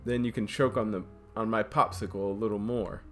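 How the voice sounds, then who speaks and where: A man's voice: fairly low pitch, steady tone, fairly quick, soft background music, natural voice. A man voicing a cold, domineering female dungeon keeper in a game, speaking in a stern, mocking, commanding way. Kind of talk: reading a game's dialogue aloud.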